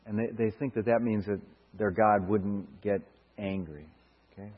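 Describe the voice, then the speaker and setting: A man's voice: fairly low pitch, moderate pace, breathy edge. A middle-aged man preaching a sermon, earnest and searching, with stammered restarts and rhetorical questions that build to emphatic bursts. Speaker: pastor. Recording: dull lo-fi sound with hall reverb.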